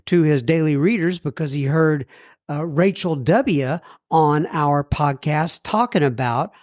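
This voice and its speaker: A man's voice: fairly high pitch, measured pace, darkish tone, no room sound, studio quality. A man hosting a recovery podcast, reading listener mail in a folksy, self-deprecating way. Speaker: podcast host.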